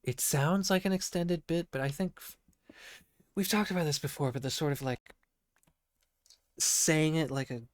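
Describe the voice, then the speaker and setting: A man talks in a loose, profane ramble, stumbling and restarting his sentences. His voice is croaky from being sick. The recording is dry and close, with no room sound. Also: fairly high pitch, moderate pace, pauses often, no echo. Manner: rambling, profane, self-interrupting. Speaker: podcast host. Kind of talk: rambling casual monologue.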